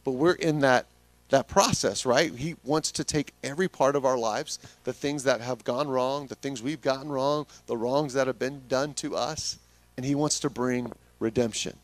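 A man's voice: mid-range voice, moderate pace. A man preaching a sermon in a conversational, earnest way, talking straight to the congregation. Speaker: pastor.

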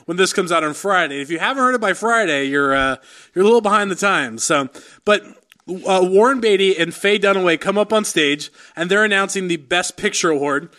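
Bright high-voiced man telling a rambling story. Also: expressive, brisk. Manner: rambling storyteller, lots of fillers, acts out quotes. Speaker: podcast co-host. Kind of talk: casual chat.

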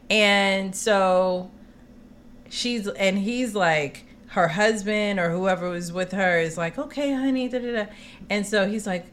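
Animated woman telling a story. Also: mid-range voice, a little slow, slight background noise. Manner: animated, acts out quotes, slangy asides. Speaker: podcast co-host. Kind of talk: casual storytelling chat.

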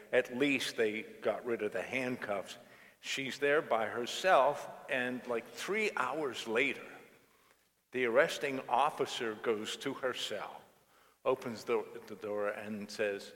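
A man preaching a sermon like someone telling a story, relaxed and unhurried. His voice sits mid-range and carries a long reverb around the church. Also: mid-range voice. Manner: storytelling, conversational, animated. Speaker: pastor.

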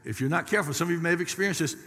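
Preacher man, middle-aged, bright and forceful, folksy with big loud swells, long church-hall reverb. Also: on the high side, racing. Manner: lively preaching with sudden loud rises and folksy asides. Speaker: pastor. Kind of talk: sermon.

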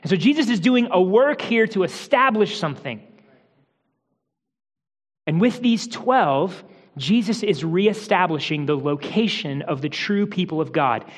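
A man delivers a teaching sermon in a high, light voice. He explains carefully, restarting phrases and dropping softer for quoted words. His voice rings with the long reverb of a large hall. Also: lively intonation, measured pace. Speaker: pastor.

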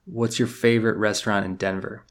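A man's voice: lowish voice, brisk. A man hosting a podcast, asking casual questions and reading a closing plug. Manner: relaxed, laughs easily, asks short questions. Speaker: podcast host. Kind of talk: casual interview, then scripted outro.

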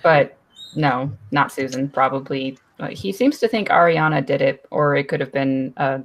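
A woman recapping a story in a relaxed book discussion, easy and unhurried. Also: very deep voice.

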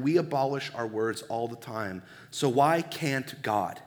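In a big, echoing hall with a long reverb tail, a male pastor gives a sermon at normal speed. His medium-pitched voice has lively intonation, and his style is conversational, full of rhetorical questions.

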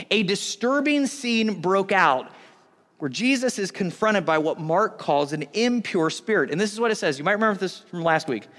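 A male pastor preaches with an animated, storytelling delivery, slipping into the voices of onlookers. His voice sits high for a man. The sound carries a long reverb, as in a church sanctuary. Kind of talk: sermon.

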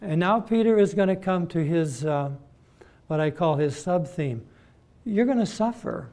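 A man preaching a sermon, emphatic and deliberate, repeating words as he builds his points. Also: a little high, animated, warm tone.

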